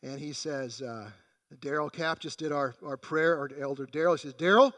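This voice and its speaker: A man's voice: on the high side, moderate pace, a bit bright, in a large hall. A man preaching a sermon in a conversational way, acting out the quoted voices in the passage. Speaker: pastor.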